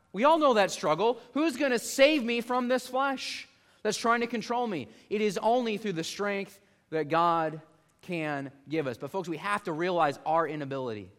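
A man in his thirties preaching with a somewhat high voice. He delivers his sermon earnestly, building in force at key points and slowing down to read scripture aloud. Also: a bit bright. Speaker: pastor.

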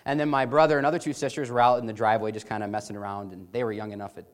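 A man's voice: lowish voice, steady tone, very fast. A man casually telling an amused personal anecdote with many restarts. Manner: chatty, amused, frequent restarts. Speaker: storyteller.

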